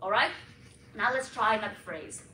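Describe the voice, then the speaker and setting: A woman's voice: medium pitch, normal speed, bright, forceful tone, natural voice. A young woman performing a pompous, bossy female accent teacher on stage with a put-on British accent, theatrical and exaggerated. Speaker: student competitor performing a comic piece. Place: school auditorium stage. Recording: echoey hall from far off, noisy.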